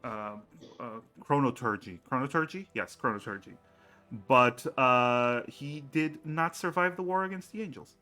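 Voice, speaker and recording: A man acting as game master, explaining campaign lore in a halting way, with many fillers and restarts. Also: medium pitch, sharp tone, faint music behind.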